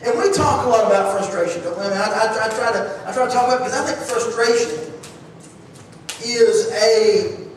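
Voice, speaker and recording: Speaking a little fast in a high-sitting voice, a man gives a conversational sermon in a church sanctuary, restarting phrases and asking the congregation questions. The echoey hall is picked up by a distant mic, with a little hiss or hum.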